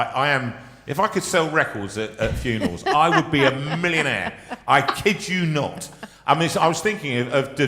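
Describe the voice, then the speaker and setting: A man's voice: mid-range voice, a bit bright. A man hosting a live show, telling funny stories in a chatty, self-mocking way and laughing as he goes. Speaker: host. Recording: echoey room with long reverb.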